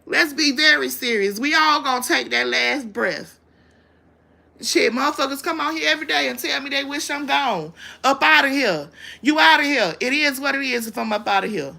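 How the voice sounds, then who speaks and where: On her own livestream, a woman launches into a blunt, confrontational rant packed with profanity. Her high voice is bright and edgy with a gravelly fry running underneath, and she keeps to a moderate pace.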